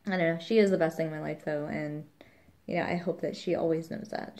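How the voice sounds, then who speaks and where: Warm low-voiced chatty mother. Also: steady tone, a little fast. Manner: rambling and chatty, quoting others. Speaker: new mother vlogging. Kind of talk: casual vlog chat.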